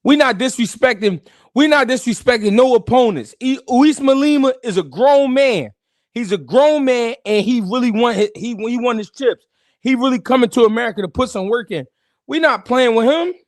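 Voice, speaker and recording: Animated high-voiced male streamer. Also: normal speed, dry recording, clean studio sound. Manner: animated, slangy, talks straight to chat. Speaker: live stream host. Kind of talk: casual live-stream chat.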